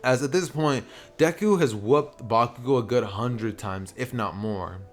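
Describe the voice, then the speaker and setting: A young man narrating a fan-made story in a loose, conversational way. He rambles along with plenty of filler words, at an everyday male pitch. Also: a little slow. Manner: rambling, lots of "you know" and "basically". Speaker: YouTuber narrating fan fiction. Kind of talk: casual storytelling.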